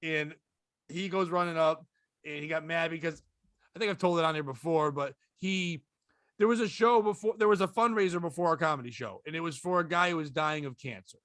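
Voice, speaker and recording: A man, a comedian guest, telling a story with casual profanity and deadpan delivery on a podcast. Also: on the high side, fairly quick, dry recording, studio quality.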